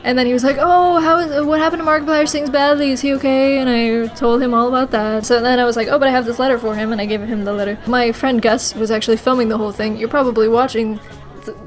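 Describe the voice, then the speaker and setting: A young woman telling a rambling, excitable story as a vlog voice-over, often breaking into giggles. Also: a little high. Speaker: vlogger.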